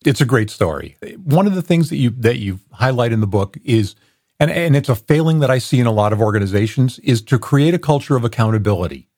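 A man's voice: medium pitch, lively intonation, fast talker, darkish tone, dry recording. Male host, easy conversational interviewer, dry close mic. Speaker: podcast host. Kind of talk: casual interview.

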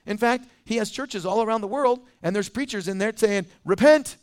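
Male pastor, high voice, conversational sermon delivery with acted-out quotes. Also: a little fast, smooth.

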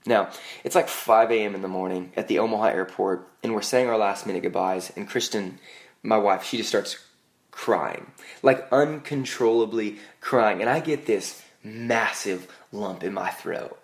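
A young man preaching a sermon to a church congregation in a conversational way, with frequent "like" and quick restarts, telling self-deprecating stories. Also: fairly low pitch, creaky. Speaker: pastor.

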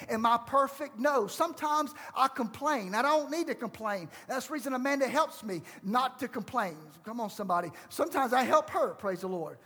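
High-voiced preacher man in a reverberant hall. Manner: fervent, call-and-response preaching, swinging between loud and hushed. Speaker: pastor. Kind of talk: sermon. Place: church sanctuary.

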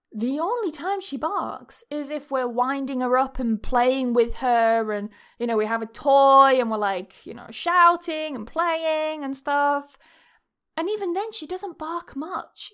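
A woman's voice: sits high, fairly bright tone. A young woman hosting a podcast, chatting casually through a spooky story, laughing often and swearing freely. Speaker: podcast host.

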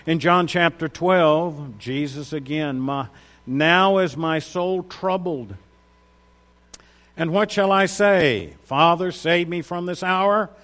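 A man's voice: fairly high pitch, takes it slowly, a bit bright. A man preaching a sermon, reading Bible verses aloud and stressing key words with rising emphasis.

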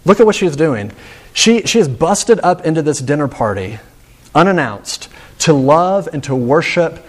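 A man's voice: fairly high pitch, expressive, a little slow. A man preaching a sermon in an earnest, emphatic way, often repeating words as he presses a point.

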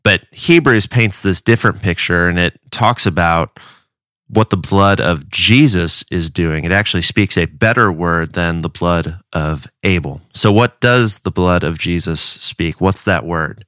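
A man's voice: low voice, measured pace, fairly bright tone, dry recording, studio quality. A man from a church giving a casual devotional talk, earnest and conversational, often restarting his words.

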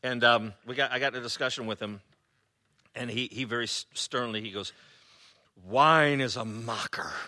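A man preaching a sermon as pastor, conversational and sarcastic, often pausing on fillers. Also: mid-range voice, steady tone, sharp tone.

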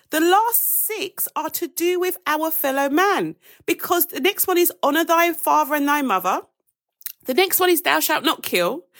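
High-voiced woman teaching Bible live. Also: fairly bright tone. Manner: chatty, addresses viewers as guys, rushes and corrects herself. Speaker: devotional host. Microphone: phone or webcam on a live stream.

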